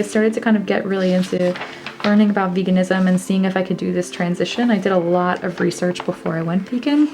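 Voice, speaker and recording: A woman's voice: on the low side, steady tone, a little fast, a little mellow, soft background music. A young woman casually talking through her old journals, rambling and reading entries aloud between asides. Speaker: vlogger.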